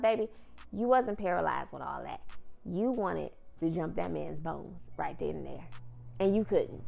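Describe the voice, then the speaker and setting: A woman's voice: mid-range voice, vocal fry, fairly bright tone. A woman chatting through a TV episode recap in a sassy, playful way, often calling the viewer "girl". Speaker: TV recap vlogger.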